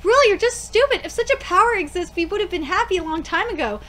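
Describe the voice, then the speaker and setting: A woman's voice: very high-pitched, lively intonation, quick pace, a bit bright. A woman voicing an upset young priestess girl who scolds and speaks bitterly while reading a manga aloud. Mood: exasperated.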